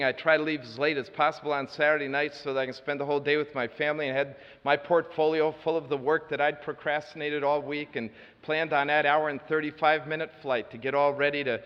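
A man preaching a sermon as a story, earnest with dry asides, moving between loud and hushed delivery. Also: a little high. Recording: reverberant hall, dull lo-fi sound.

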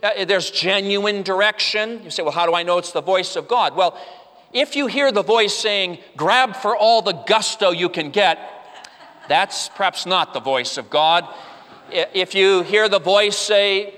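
A man's voice: high voice, unhurried, pushed and bright. A man preaching a sermon to his congregation, earnest, with frequent "uh" restarts and a voice that rises and falls. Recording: long hall reverb.

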